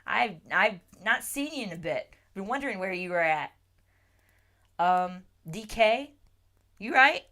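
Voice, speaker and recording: A woman hosts a casual livestream, speaking slowly and haltingly, often restarting her sentences as she answers chat comments. Her pitch sits in an ordinary middle range. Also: expressive, pushed and bright. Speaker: livestream host reading chat.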